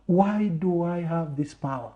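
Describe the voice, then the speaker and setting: A man on a TV interview show who speaks in a measured way, building his points through repeated phrases. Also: fairly high pitch, muffled recording. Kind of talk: reflective talk in a TV interview.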